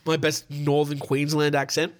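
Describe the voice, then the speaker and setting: A man's voice: on the high side, completely flat delivery, normal speed. A young Australian man hosting a podcast, reading news stories with sweary, laughing asides and sounding tired. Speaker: podcast host.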